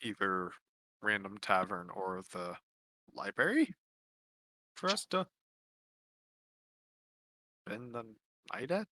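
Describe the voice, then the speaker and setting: A man's voice: fairly low pitch, big pitch swings, takes it slowly, long pauses, sharp tone, dry recording, poor audio. A man chatting casually on a live game stream, easygoing and jokey. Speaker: tabletop game player.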